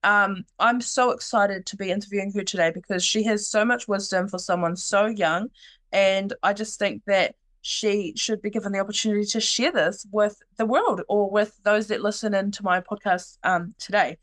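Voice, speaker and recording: A woman's voice: medium pitch, moderate pace, fairly bright tone. A young adult woman, hosting a casual podcast interview in a bubbly, teasing way and laughing often. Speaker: podcast host.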